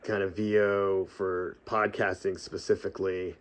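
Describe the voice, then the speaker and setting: A middle-aged man talking casually about podcasting, rambling with fillers and restarts, laughing often and letting out a breathy sigh after long phrases. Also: low-pitched, level tone, unhurried. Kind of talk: casual vlog talk.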